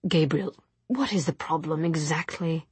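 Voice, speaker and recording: A woman voicing a calm, methodical young man who speaks in a measured, courteous but sharp way. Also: deep voice, slightly rough, dry recording, exaggerated voice. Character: calm, methodical older brother instructor.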